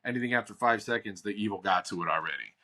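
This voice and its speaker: A man from Chicago hosts a casual podcast chat, rambling easily with slangy asides. His voice sits on the low side. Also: fast talker, bright, forceful tone. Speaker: podcast host.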